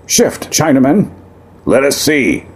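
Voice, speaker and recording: A man doing a rough shouting miner. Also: mid-range voice, big pitch swings, slow pace, voice pushed up, full character voice. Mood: rowdy.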